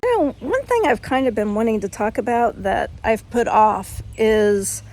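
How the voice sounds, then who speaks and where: A woman's voice: fairly high pitch, expressive, measured pace, darkish tone. An older woman chatting frankly in a casual home vlog, folksy, with frequent ums. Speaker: vlogger.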